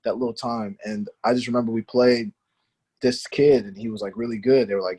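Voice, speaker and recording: A man's voice: mid-range voice, steady tone, a little fast, warm tone, slightly rough. A man, a former pro soccer player, telling a long story in a podcast interview, rambling with lots of fillers like "you know".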